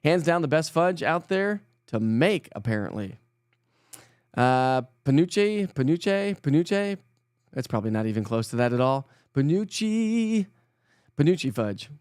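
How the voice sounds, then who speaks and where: A man's voice: mid-range voice, big pitch swings, moderate pace, darkish tone, smooth, no room sound, clean studio sound. A man hosting a casual morning weather live stream, chatting with viewers, joking at himself and laughing often. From Colorado. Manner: chatty, self-mocking, laughs often, stumbles over words.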